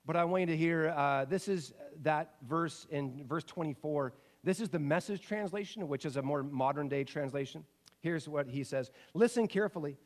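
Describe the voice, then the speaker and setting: Male pastor, higher voice, animated preaching with rhetorical questions and loud-to-hushed swings. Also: moderate pace. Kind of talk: sermon.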